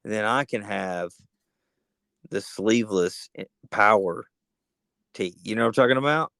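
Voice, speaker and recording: A tired man co-hosting a podcast, chatting casually with excitable, teasing banter. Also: on the low side, normal speed, creaky, no echo. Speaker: podcast co-host. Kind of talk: casual chat.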